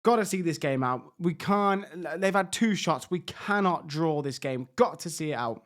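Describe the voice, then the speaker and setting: Guy calling his football game, fairly high voice, gets hyped fast. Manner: excitable, shifting between hushed tension and loud outbursts. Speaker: gaming YouTuber. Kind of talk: live game commentary.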